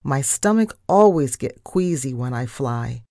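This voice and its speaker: A woman reading a children's story in an unhurried, lively way, her low voice moving a lot. The sound is dry and close. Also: vocal fry, no room sound. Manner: animated reading, first-person narration.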